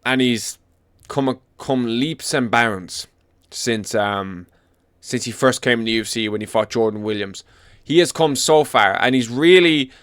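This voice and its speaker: A man's voice: medium pitch, fairly bright tone, no echo, clean studio sound. A young Irish man from Ireland ranting about fighters as an MMA commentator, blunt and full of swearing and repetition. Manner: blunt, profane, emphatic repetition. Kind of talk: casual opinion rant.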